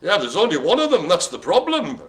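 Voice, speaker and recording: A man's voice: high voice, a bit bright. A man hosting a live online bingo game, calling dog breeds in a playful, teasing way with theatrical asides. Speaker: bingo caller host.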